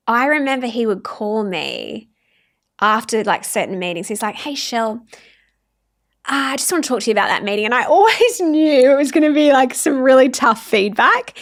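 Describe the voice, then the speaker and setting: A woman's voice: on the high side, a bit bright. A woman hosting a workplace advice podcast, talking in a candid, chatty way and often laughing at herself. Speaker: podcast host. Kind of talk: casual advice chat.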